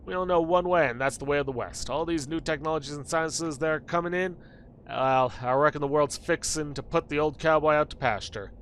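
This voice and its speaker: A man's voice: on the high side, fairly quick, a bit bright, a little hiss or hum, natural voice. A man voicing an old male cowboy who feels outdated, talking in a folksy drawl.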